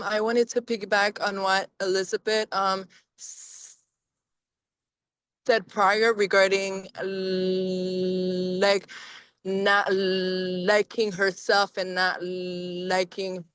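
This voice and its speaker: A woman's voice: medium pitch, flat delivery, very slow, long pauses, a bit bright, clear, resonant tone, no room sound, rough recording. A woman who stutters, hesitating with blocks and fillers as she speaks in a group discussion. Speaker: group participant.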